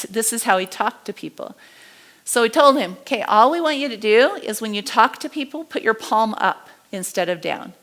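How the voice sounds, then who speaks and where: A middle-aged woman teaching a live body language class, animated and acting out what people say. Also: medium pitch. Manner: animated, acts out quotes and gestures.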